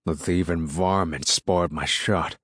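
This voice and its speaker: A man plays a rough, hostile farmer with a drawl. His voice is very deep and growling. The sound is dry and close. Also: steady tone, a little slow, fairly bright tone, no echo, full character voice. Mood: grumbling.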